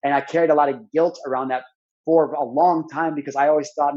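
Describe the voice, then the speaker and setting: Fast-talking man in his thirties. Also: fairly high pitch, steady tone, a little mellow, dull audio. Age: 30s. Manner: earnest, rambling, many "like" fillers and restarts. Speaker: podcast guest speaker. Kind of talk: personal storytelling.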